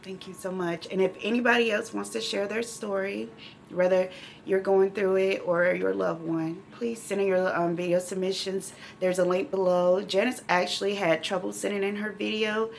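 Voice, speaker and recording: A woman's voice: medium pitch, level tone, moderate pace, vocal fry, a little hiss or hum. A middle-aged woman hosting her own channel, talking openly and emotionally to viewers in a casual, heartfelt way. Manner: emotional, speaks directly to viewers. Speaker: channel host living with myeloma. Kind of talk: heartfelt casual vlog talk.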